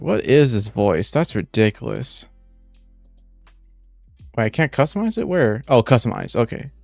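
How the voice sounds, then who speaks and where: A man's voice: on the low side, vocal fry, darkish tone, dry recording. A young man streaming live, rambling casually with lots of "like" and restarts and talking through what he is doing step by step. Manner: rambling, full of "like" and restarts, talks through each step aloud.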